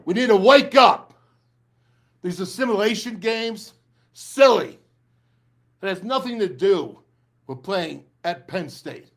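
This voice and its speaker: Fired-up man ranting. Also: high-pitched. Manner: emphatic, ranting, repeats phrases for punch. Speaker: sports talk show host. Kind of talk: fired-up sports talk and live ad reads.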